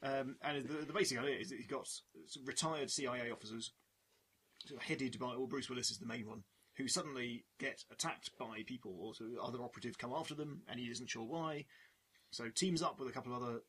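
A man's voice: medium pitch, fast talker, a bit bright, poor audio. A man co-hosting a film podcast in casual chat, teasing with dry banter. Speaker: podcast co-host.

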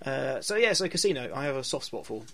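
A man's voice: mid-range voice, very animated, fast talker, a bit bright. A man hosting a podcast, giving chatty and opinionated film talk with a wry edge. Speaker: podcast host. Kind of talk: casual film chat.

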